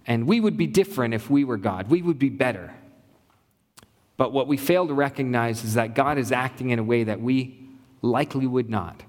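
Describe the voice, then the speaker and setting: A man's voice: mid-range voice, normal speed, long reverb tail. A man preaching a sermon as pastor, earnest and building his points through repetition.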